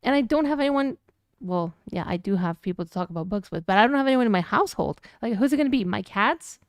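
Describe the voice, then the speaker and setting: Woman with Latin American Spanish accent, teasing stream chat, smooth clear voice, dry close sound. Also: mid-range voice, animated, fast talker, no echo. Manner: playful, teasing, chatty. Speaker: streamer's partner answering chat.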